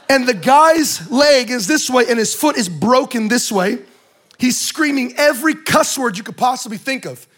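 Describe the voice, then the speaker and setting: A man speaking to a church audience, telling a humorous story with lively, joking asides. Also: very high voice, a little slow. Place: in front of a live audience in a room.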